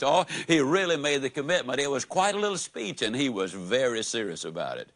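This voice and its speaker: An animated male motivational speaker tells a story in a mid-range voice. He swings between loud and hushed and between rising and falling pitch as he builds each beat. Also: a little fast, few pauses.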